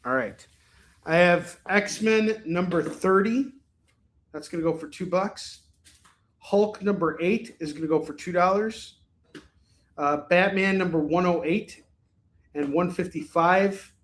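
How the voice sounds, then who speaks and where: A fairly high-voiced man keeps up a chatty, upbeat patter as he hosts a live online sale. He reads items and prices off one after another in a casual, friendly flow. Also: slow, long pauses. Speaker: live shopping show host. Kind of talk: casual live-stream selling.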